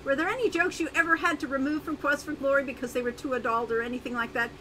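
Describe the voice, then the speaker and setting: Older female game designer, high bright voice, casual anecdotes, faint hiss. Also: fairly even intonation, low-quality recording. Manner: quick affirming interjections, storytelling. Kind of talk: casual dev chat.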